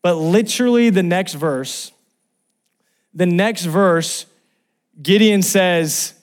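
A man from Los Angeles preaching a sermon, telling a personal story and rising to loud exclamations. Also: high voice, takes it slowly, long pauses. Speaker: pastor.

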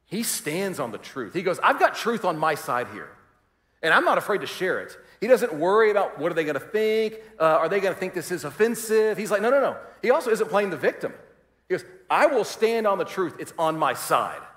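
A man preaching a sermon as pastor, animated and acting out quoted voices, swinging from loud to quiet. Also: sits high, fairly quick. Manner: animated, acts out quoted voices, varies volume widely. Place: large church hall. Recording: roomy hall reverb.

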